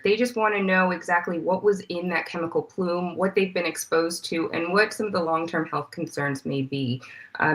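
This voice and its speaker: Female reporter guest, low voice, clear and steady explainer. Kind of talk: interview answers.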